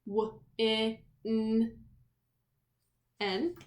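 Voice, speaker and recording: A woman's voice: on the high side, level tone, a little mellow, echoey room. A woman teaching young children in a remote lesson, spelling out words letter by letter and asking the class encouraging questions. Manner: slow, clear, spelling out letters and sounds.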